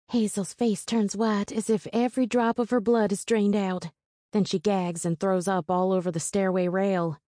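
A woman narrating a first-person story in a calm, measured reading voice. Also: mid-range voice, no echo, studio quality. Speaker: audiobook narrator.

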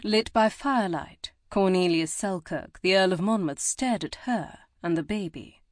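A woman reading a historical novel as audiobook narrator in a measured, even way. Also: medium pitch, dry recording, studio quality. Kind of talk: scripted narration.

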